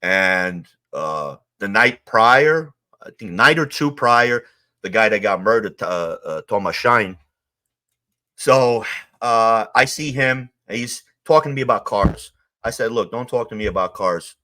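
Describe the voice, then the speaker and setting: A man from Queens, telling stories in a casual interview, animated and acting out the quotes of others. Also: fairly low pitch, slow. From Queens, New York. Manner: animated, acts out quotes, swears. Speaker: guest, former mob associate.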